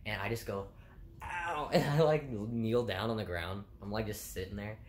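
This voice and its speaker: A man's voice: fairly low pitch, normal speed. A young man casually telling funny stories from his job, often laughing, rambling and swearing. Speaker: vlogger telling work stories. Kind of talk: casual storytelling. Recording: echoey room with faint noise.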